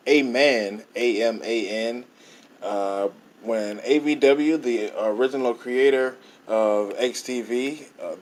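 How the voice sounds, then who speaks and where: A man hosting a casual podcast and introducing a guest slowly, with frequent hesitations. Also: mid-range voice, low-quality recording. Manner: slow, hesitant, lots of fillers. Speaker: podcast host.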